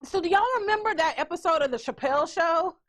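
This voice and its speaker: Woman host, high and lively, loud playful storyteller. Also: fast talker. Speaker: podcast host. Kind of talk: casual chat.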